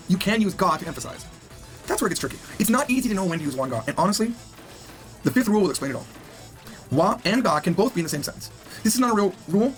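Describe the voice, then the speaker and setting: A man teaching a recorded language lesson, upbeat and joking as he explains grammar rules. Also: fairly high pitch.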